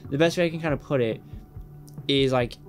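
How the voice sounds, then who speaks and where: Excitable young man ranting casually. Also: mid-range voice, fairly quick, faint music behind. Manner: excitable, swears a lot, rambling. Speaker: reaction channel host. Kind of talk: casual commentary.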